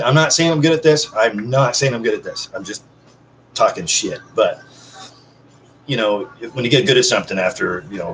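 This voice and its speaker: A vlog host with a voice on the low side chats from home to his audience, unedited and in one take, full of rambling, self-deprecating jokes. The recording is rough and carries a little hiss or hum.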